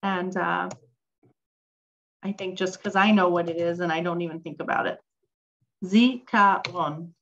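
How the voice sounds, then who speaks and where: A woman's voice: on the low side, flat delivery, normal speed, gravelly, pauses often, dull audio. A woman teaching a casual online language lesson, chatty and full of ums, reading and answering questions from a chat. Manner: chatty, reads chat aloud, frequent ums. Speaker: Hebrew teacher.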